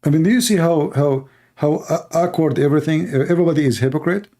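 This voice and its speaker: A Middle Eastern man hosts a livestream, giving commentary in blunt, broken English with a Middle Eastern accent and a mocking edge. His voice is a little high and dark-toned, and he talks fast.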